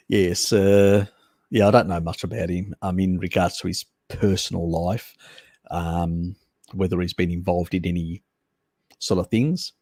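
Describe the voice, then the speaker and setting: With no room sound, a man's low, gravelly voice carries a darkish tone. He hosts a laid-back live stream, reading viewer comments aloud and chatting with the audience. He's talkative, laughs a lot, and refers to viewers as mate.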